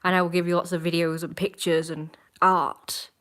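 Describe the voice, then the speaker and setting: A woman's voice: lowish voice, level tone, normal speed, fairly bright tone. A young woman, chatting casually and teasing her viewers during a live stream from home. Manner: playful, teasing, rambling. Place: indoors at home.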